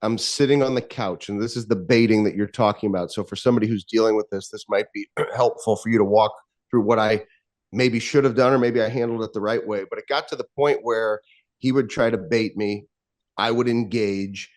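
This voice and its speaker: A man's voice: lowish voice, fairly even intonation, a little fast, a little mellow. A man being interviewed as a guest, telling a personal story in an earnest, reflective way.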